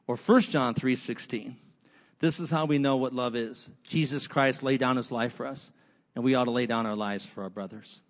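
A man's voice: mid-range voice, moderate pace. A man preaching a sermon, with repetitive rhetorical lists and casual conversational asides. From United States. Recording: long hall reverb.

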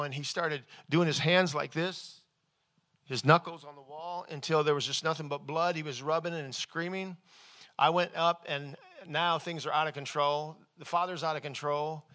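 Male pastor, sermon storytelling, bright forceful voice, slightly high pitch. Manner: conversational, animated retelling with frequent restarts.

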